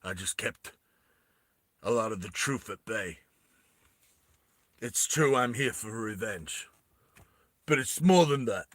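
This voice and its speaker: A man voicing a grim male mercenary leader who confesses his plans in a low, subdued voice. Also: animated, slow, pauses often, a bit bright, dry recording.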